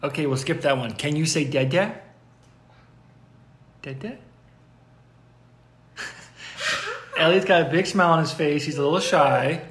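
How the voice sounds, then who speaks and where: A young father hosting a casual podcast, gently and patiently coaxing his toddler to say words. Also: on the high side, fast talker, few pauses, reverberant. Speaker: podcast host.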